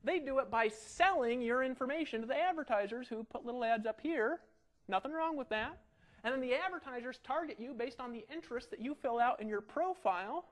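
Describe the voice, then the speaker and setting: A middle-aged man giving an energetic marketing webinar, animated and ranting, full of rhetorical questions. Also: extremely high pitch, brisk. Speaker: online marketing instructor.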